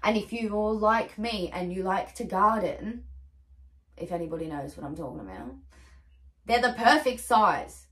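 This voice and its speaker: A young woman talks through a casual haul vlog in a middle-pitched voice. She gushes, rambles and swears casually, chatty and unscripted. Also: animated, a little slow, a bit bright. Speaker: vlogger.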